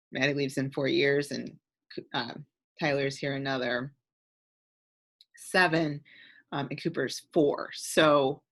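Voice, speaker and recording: A woman's voice: low-pitched, fairly bright tone. A middle-aged woman from the American Midwest tells a personal story with many fillers, rambling and getting emotional. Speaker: community call participant.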